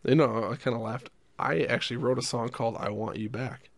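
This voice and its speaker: A man's voice: medium pitch, brisk, vocal fry, no echo. A young man co-hosting a casual radio chat, rambling and self-deprecating as he jokes. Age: young adult. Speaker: co-host.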